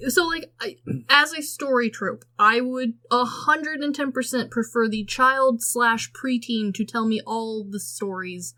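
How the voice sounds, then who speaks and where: A woman's voice: a little high, unhurried. A woman co-hosting a podcast, chatting casually and sarcastically about a movie, acting out lines as she goes. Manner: sarcastic, animated, acts out quotes. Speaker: podcast co-host. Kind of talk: casual movie review chat.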